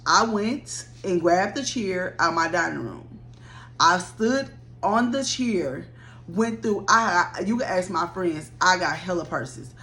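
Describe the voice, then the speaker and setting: Animated woman telling a story time. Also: fairly low pitch, takes it slowly. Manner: animated, blunt, swears freely, addresses viewers directly.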